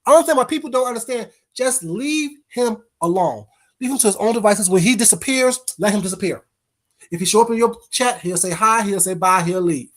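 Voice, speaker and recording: A man's voice: sits high, brisk. A man hosting a casual livestream, bluntly cussing out trolls and greeting viewers in the chat by name. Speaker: livestream host.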